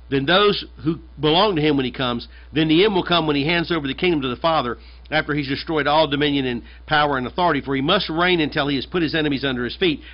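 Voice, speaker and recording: Emphatic American pastor preaching. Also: male voice, fairly high pitch. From United States. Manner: conversational, emphatic, repeats phrases. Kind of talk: sermon. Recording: dull lo-fi sermon recording.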